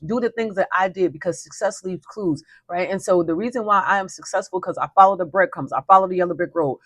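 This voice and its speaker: A woman's voice: fairly low pitch, fast, no room sound. A woman hosting a weekly motivational talk, speaking emphatically and repeating her declarations in a folksy, spirited way. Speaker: host.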